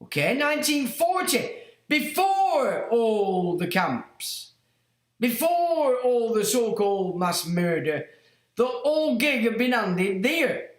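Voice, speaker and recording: Exclaiming man, lively pitch. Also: takes it slowly, reverberant. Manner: exclaiming, mocking, swearing. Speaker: livestream host. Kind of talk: casual livestream commentary.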